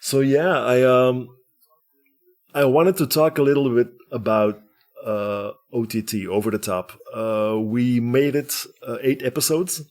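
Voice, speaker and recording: A man hosting a casual podcast, energetic and rambling, with lots of restarts. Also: mid-range voice. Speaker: podcast host.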